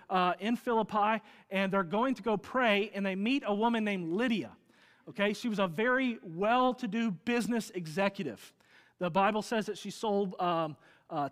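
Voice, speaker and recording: A man preaches to his congregation. He tells stories with animated energy, swinging from loud to hushed. The sound is from a church hall with a long reverb. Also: sits high. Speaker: pastor. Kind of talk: sermon. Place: church sanctuary.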